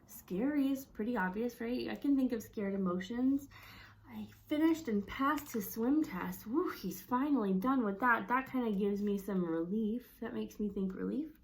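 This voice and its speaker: Expressive woman speech therapist reading aloud. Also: moderate pace. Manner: expressive storybook reading with wide pitch swings; friendly teacherly explaining. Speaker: speech-language pathologist. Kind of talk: instructional read-aloud demonstration.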